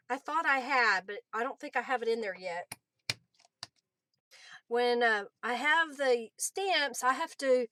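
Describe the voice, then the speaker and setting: A woman's voice: sits high, bright, forceful tone, no room sound. A woman hosting a crafting livestream, chatting easily and answering viewers by name between laughs. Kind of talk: casual livestream chat while crafting.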